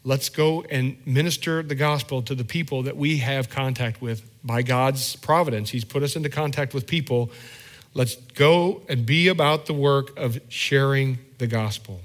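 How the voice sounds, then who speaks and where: A man's voice: medium pitch, moderate pace. A male pastor giving a conversational sermon, often restarting and repeating words as he thinks aloud.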